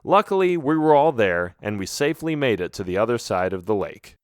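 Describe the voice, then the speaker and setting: A man narrating a children's audiobook in an expressive, first-person storytelling manner. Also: mid-range voice, brisk, clear, resonant tone, no echo, studio quality.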